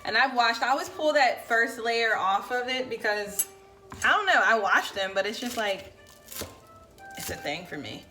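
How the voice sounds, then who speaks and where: A woman's voice: a little high, expressive, normal speed, pushed and bright, reverberant, faint music behind. A woman casually demonstrating a recipe in her home kitchen, chatty and playful, talking straight to her viewers. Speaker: home cooking vlogger.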